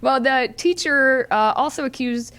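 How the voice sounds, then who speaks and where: A woman's voice: high voice, unhurried, a bit bright. Wry female co-host. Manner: wry, sarcastic. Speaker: talk show co-host. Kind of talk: political talk show banter.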